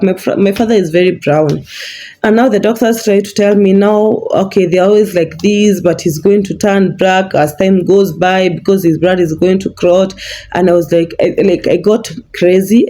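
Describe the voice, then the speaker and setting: A woman, telling a personal story as a vlogger in a halting way, often restarting her words. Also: medium pitch, dark tone, a little hiss or hum.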